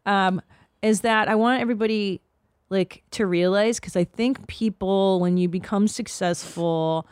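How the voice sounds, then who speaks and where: Animated woman hosting a podcast. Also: medium pitch, clear, resonant tone, no room sound, clean studio sound. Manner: animated, swearing, quick to quote others. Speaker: podcast host. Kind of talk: casual chat.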